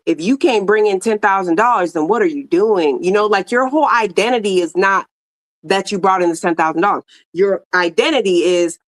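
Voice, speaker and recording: A woman's voice: on the low side, dry recording. Casting: woman, tarot reader, laid-back slangy delivery, dry close sound. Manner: slangy, talks to viewers directly with many fillers. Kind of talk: casual tarot reading to viewers.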